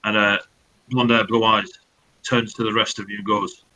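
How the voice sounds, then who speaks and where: A man's voice: lowish voice, little pitch movement, moderate pace, sharp tone, rough recording. A man narrating as dungeon master, loose and sweary, with many fillers. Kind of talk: narrating a tabletop game.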